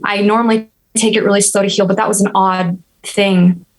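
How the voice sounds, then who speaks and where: A woman's voice: medium pitch, moderate pace, poor audio. A woman in her thirties, a podcast guest, telling a personal story in an earnest, reflective way. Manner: earnest, reflective, steady and even-toned.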